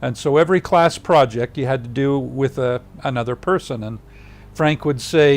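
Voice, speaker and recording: An older man being interviewed, telling a personal story in a lively way, acting out what others said and dropping to a hushed voice at tender moments. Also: medium pitch, moderate pace. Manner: animated storyteller who acts out others' lines.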